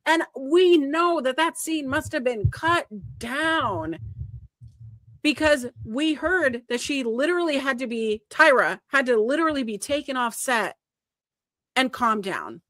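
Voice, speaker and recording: A woman co-hosting a casual podcast, retelling events with animated flair and acting out quoted lines. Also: high-pitched, a little slow, no echo. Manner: animated storytelling, acts out quoted lines, swears when worked up. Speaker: podcast co-host.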